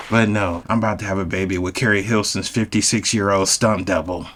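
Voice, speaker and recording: A man's voice: on the low side, fairly even intonation, brisk, a bit bright, slight background noise. A man casually telling a comic story to viewers, rambling and talking straight to the audience. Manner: rambling, addresses viewers directly, fillers like "you know what I'm saying".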